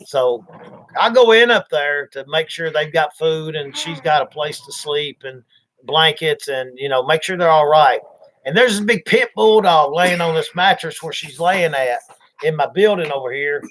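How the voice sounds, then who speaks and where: A man's voice: fairly high pitch, normal speed, fairly bright tone. A man, hosting a livestream and telling rambling, folksy stories, acting out the voices. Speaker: livestream host. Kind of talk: casual storytelling chat.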